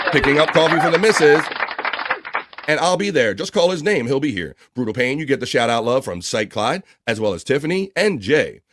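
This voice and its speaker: Male livestream host reading chat shout-outs in a casual style, dry close mic. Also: medium pitch, dry recording. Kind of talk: casual live show chatter.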